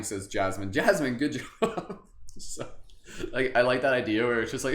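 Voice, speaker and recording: A man's voice: mid-range voice, lively intonation, moderate pace, slight background noise. A man hosting a live meditation stream, guiding breathing and chatting casually with viewers, with lots of fillers and frequent chuckles. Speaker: meditation livestream host. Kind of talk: guided meditation and live chat. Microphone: webcam livestream setup. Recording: roomy echo, faint ambience.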